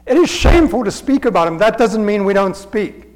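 A man's voice: high-pitched, animated, fairly quick, a little mellow, rough recording. A man preaching a sermon, teaching in an earnest, conversational way and pressing his points with emphatic repetition.

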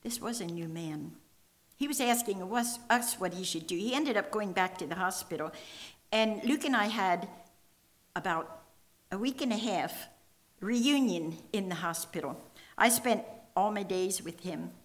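A woman's voice: mid-range voice, animated, unhurried. Older woman sharing an emotional testimony. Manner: earnest, emotional storytelling with quoted dialogue. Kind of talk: personal testimony.

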